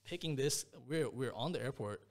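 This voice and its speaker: A young man appears as a podcast guest, telling a personal story in a mid-range voice with lively intonation at a normal speed. His delivery is casual and rambling, thick with slang and fillers like "bro" and "like."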